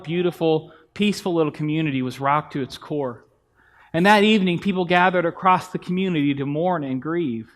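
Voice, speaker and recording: A pastor in his thirties giving a conversational sermon in a church, telling family stories and acting out bits of dialogue. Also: fairly high pitch. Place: church sanctuary.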